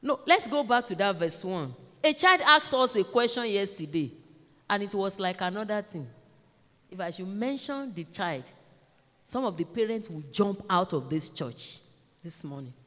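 A woman's voice: medium pitch, animated, normal speed, sharp tone. Emphatic woman preaching in reverberant church. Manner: emphatic, repeats exhortations, addresses the congregation directly. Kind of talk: sermon. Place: large church.

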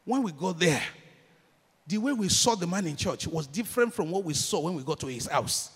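A man with a Nigerian accent preaching a sermon and telling a story, swinging from shouted declarations to hushed storytelling. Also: high-pitched, expressive, normal speed, slightly rough. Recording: long hall reverb.

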